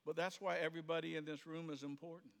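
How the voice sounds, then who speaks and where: A man's voice: on the high side, flat delivery, fast talker, gravelly, in a large hall. A man preaching a Sunday sermon in a conversational way, acting out the quoted voices of the people in his stories. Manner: conversational, plays out quoted voices, rises to sudden shouts. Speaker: pastor. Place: church sanctuary.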